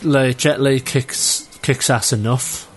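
A man's voice: medium pitch, fairly even intonation, slow, soft background music. A man, co-hosting a casual film podcast and rambling with many restarts. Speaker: podcast co-host.

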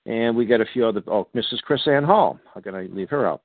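A man's voice: fairly low pitch, animated, fast talker, no room sound. A man from Boston hosting a talk radio interview, rambling through announcements with many fillers and restarts. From Boston, USA. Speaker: radio show host. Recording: dry, tinny phone-like sound.

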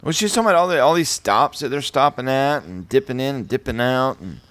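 A man on a casual podcast whose pitch swings about lively. He jokes around and reads out comments from listeners. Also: quick pace. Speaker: podcast co-host.

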